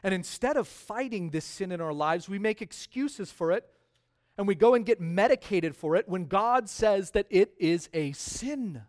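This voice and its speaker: A man preaching a sermon as pastor, stressing key words by repeating them and swinging between quiet drops and loud rises. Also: sits high, lively intonation, normal speed.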